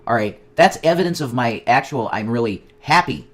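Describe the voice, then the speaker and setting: A man ranting in a casual livestream, profane and excitable, jumping between loud outbursts and muttered asides. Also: medium pitch, normal speed. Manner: profane, excitable, nostalgic rambling. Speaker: streamer. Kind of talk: rambling casual livestream chat.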